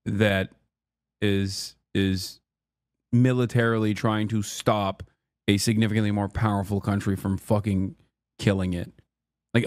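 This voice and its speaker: A man's voice: on the low side, no room sound, studio quality. A man commenting live on stream, heated and emphatic, swearing often and repeating points for stress. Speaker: streamer reacting to a video.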